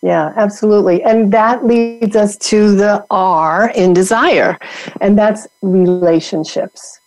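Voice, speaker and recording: Motivational podcast guest, woman, emphatic coaching delivery, mellow tone, dead-dry sound. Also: medium pitch, slow, no room sound, rough recording. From New York. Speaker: guest, women's network founder.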